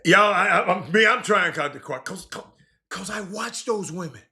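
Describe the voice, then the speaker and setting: A man's voice: sits high, moderate pace, bright, forceful tone. A man hosting a casual livestream, talking to viewers in a loose, stop-start way with lots of repeats and slang. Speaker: livestream host. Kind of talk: casual rambling chat to viewers.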